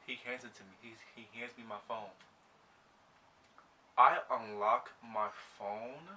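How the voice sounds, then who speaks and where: Animated young man telling a storytime. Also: medium pitch, a little slow, far from the mic. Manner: animated, slangy, acts out his own reactions. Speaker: vlogger. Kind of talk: storytime while getting ready.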